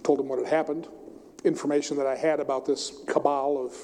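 A man's voice: a little high, brisk. A middle-aged male pastor preaching a sermon, telling stories animatedly and acting out the characters. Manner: storytelling, animated, acts out the characters. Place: church sanctuary. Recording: long reverb of a church hall.

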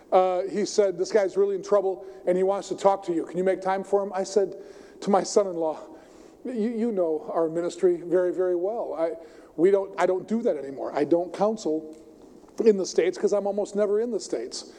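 An older man preaching a sermon, telling stories emphatically and swinging his voice between loud and soft. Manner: storytelling, emphatic, varies pitch and volume widely. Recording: long hall reverb.

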